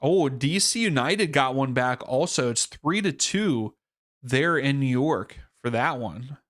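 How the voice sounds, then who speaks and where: A man's voice: medium pitch, expressive, measured pace, fairly bright tone, no echo, clean studio sound. Rambling man hosting a soccer watchalong. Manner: rambling, thinking aloud with fillers and restarts. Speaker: livestream watchalong host. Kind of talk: casual live soccer watchalong chat.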